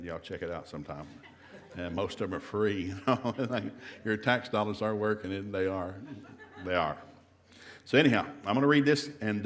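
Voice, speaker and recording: A middle-aged man with a Southern US accent, giving a humorous marriage seminar in a church and acting out the voices in his stories. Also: deep voice. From American South. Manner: fast-talking storyteller acting out quotes. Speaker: seminar speaker. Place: church hall.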